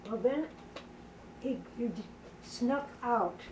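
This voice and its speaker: A woman's voice: on the high side, takes it slowly. An older woman telling a family story in casual talk, often asking her listeners if they can believe it. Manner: chatty narrator who keeps checking in with listeners. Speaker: sibling sharing family memories. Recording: roomy, distant mic, faint background noise.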